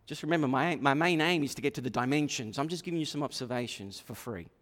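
A man preaching a sermon, animated, repeating himself and acting out quoted voices. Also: mid-range voice, fast. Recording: long hall reverb.

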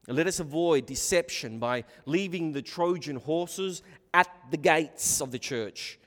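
A man's voice: mid-range voice, fairly bright tone, in a large hall. A man preaching a sermon as pastor, emphatic and full of rhetorical questions.

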